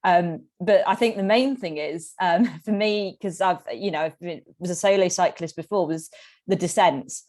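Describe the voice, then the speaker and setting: A woman's voice: lowish voice, normal speed. A woman guest on a podcast telling casual stories, laughing often as she talks. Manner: giggly, animated, often laughs mid-sentence. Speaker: podcast guest, tandem cyclist. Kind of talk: casual storytelling.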